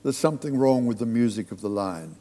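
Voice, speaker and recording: A man's voice: mid-range voice, lively intonation, a little fast, mellow, in a large hall. Older man telling theatre anecdotes. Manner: reflective anecdotal storyteller. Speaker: stage director, guest. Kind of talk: live on-stage conversation. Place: theatre platform before an audience.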